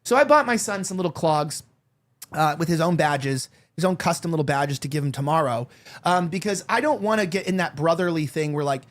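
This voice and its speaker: A man's voice: on the high side, expressive, brisk. A man in his thirties hosting a talk show, chatting candidly and rambling with lots of fillers and restarts. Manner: candid, confiding tone. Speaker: show host. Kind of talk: casual chat.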